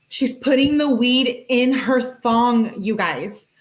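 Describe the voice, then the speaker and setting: A woman commentating on a true-crime case, reading a couple's text messages aloud in a brisk, matter-of-fact way and tagging each one with who sent it. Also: on the high side. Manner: talks directly to viewers in chat.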